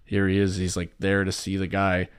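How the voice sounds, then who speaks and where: A young comedian from Pennsylvania with a low voice tells rambling, profane stories in casual chat. He jumps into quick voices for the people in his stories. The sound is dry and close. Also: clear, resonant tone, no echo. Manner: rambling, swearing, animated storytelling with voices. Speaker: comedian, podcast guest.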